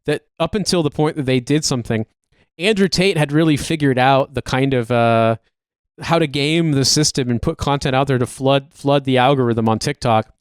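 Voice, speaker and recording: A man's voice: mid-range voice, normal speed, clean tone, no room sound, studio quality. A man co-hosting a podcast, chatting casually in a rambling, profane way with lots of "like". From United States. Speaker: podcast co-host. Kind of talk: casual chat.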